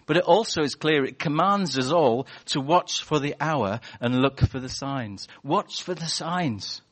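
A man preaching a sermon in a church, animated and chatty, telling stories and acting out voices. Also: fairly high pitch, a little slow. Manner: animated, storytelling with acted-out voices.

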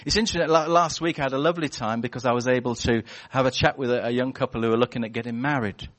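A man giving a lively church sermon, chatty and animated, slipping into acted-out voices as he tells stories. His voice sits at an ordinary middle pitch. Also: racing. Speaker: preacher.

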